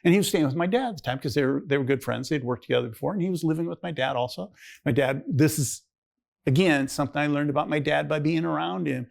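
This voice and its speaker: An older man in his sixties speaks as a pastor telling his life story from the pulpit. His voice sits a little high with a gravelly edge, and he rambles conversationally, jumping up in pitch to act out remembered dialogue. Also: fast. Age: 60s. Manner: rambling, conversational, acts out quoted dialogue in a raised voice. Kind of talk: personal testimony storytelling. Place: church.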